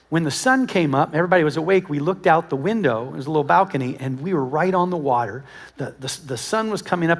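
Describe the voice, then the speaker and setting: A middle-aged American man preaching a sermon to a live congregation, telling stories with lively acted-out dialogue and swinging between loud calls and hushed asides. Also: on the high side. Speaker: pastor. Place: church auditorium with live congregation.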